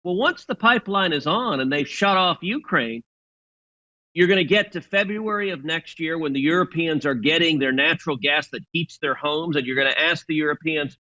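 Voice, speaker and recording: A man's voice: fairly high pitch, moderate pace, sharp tone, highs cut off. A man giving assertive political commentary, arguing his point and repeating words as he starts sentences.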